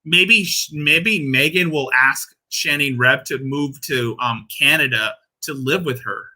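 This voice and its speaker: Male commentary host, crude and rambling, very bright edgy tone. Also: mid-range voice, unhurried. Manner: crude, rambling, laughing at his own jokes. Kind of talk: casual reaction commentary.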